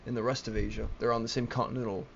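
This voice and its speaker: A man's voice: medium pitch, flat delivery, rapid-fire, creaky, slight background noise. Young man, rambling solo rant, swearing, stammering restarts, muffled webcam mic. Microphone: laptop webcam mic.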